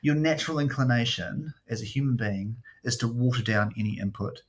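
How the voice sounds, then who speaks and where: A man in a relaxed podcast conversation, spinning long anecdotes in a loose, animated way with plenty of casual swearing. His voice sits in an ordinary middle register for a man. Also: mid-range voice, fairly quick. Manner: rambling, animated storyteller who swears freely. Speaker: podcast host.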